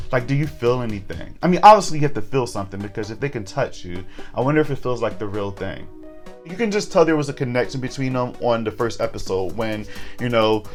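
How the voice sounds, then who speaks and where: A young adult man chatting candidly through a casual recap, with joking asides. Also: mid-range voice. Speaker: horror TV recap vlogger.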